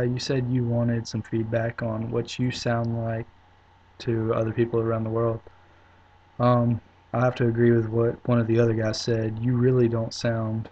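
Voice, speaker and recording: A young man from South Carolina with an Upstate South Carolina accent, talking in a relaxed, halting way with many pauses in a casual video reply. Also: mid-range voice. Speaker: vlogger. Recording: dull lo-fi webcam audio.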